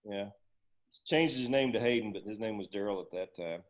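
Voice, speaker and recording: A middle-aged man, a guest on a podcast, telling school anecdotes in a relaxed, casual way. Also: lowish voice, moderate pace, rough recording. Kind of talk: casual interview chat.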